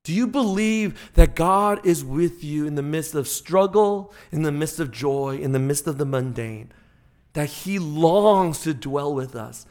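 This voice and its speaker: A male pastor delivers a sermon in a slightly raised voice. He swings between loud, emphatic peaks and hushed, slowed passages, building up to his points and then pulling back. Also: fairly high pitch.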